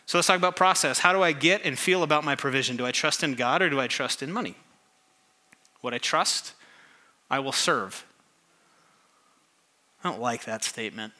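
A man preaching a sermon as pastor, asking the congregation questions and reading scripture slowly with emphasis. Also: mid-range voice, lively intonation, bright, forceful tone. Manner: call-and-response questions to congregation.

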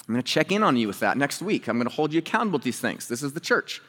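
A man's voice: rapid-fire, hardly any pauses, in a large hall. A man preaching a sermon as a pastor, talking in a conversational way and telling a story. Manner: conversational and animated, acting out quoted dialogue with rising pitch.

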